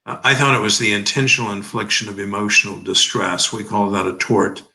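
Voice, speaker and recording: Older man, lowish bright voice, emphatic oratorical legal commentary, rhetorical questions. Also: little pitch movement, fairly quick, poor audio. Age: 70s. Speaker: interview guest, lawyer.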